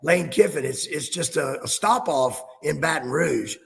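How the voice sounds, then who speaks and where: A man's voice: on the high side, animated, measured pace, vocal fry, a bit bright. A man co-hosting casual sports talk, ranting and sarcastic, recorded with a reverberant room sound.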